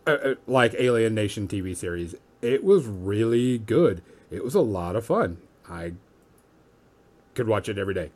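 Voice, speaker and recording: A man's voice: lowish voice, lively intonation, moderate pace, a little mellow. A man co-hosting a casual movie chat, easygoing and enthusiastic, with hesitant fillers. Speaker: podcast co-host.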